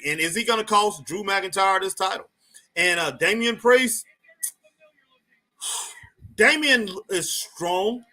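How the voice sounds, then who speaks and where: A man's voice: high voice, bright, forceful tone. A man hosting a casual live stream, chatting loosely and repeating himself as he answers viewers. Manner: chatty, repeats phrases, talks to chat viewers. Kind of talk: casual live wrestling chat.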